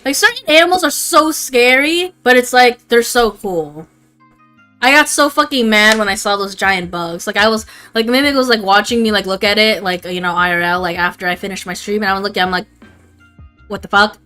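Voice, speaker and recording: A woman's voice: mid-range voice, brisk, sharp tone, soft background music. A young adult woman chatting casually on a livestream, rambling and swearing freely. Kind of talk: casual stream chat.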